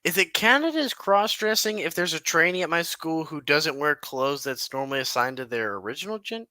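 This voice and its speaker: A man's voice: a little high, expressive, moderate pace, pushed and bright, no room sound. A man co-hosting a podcast, trading crude jokes in casual banter and laughing often. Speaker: podcast co-host.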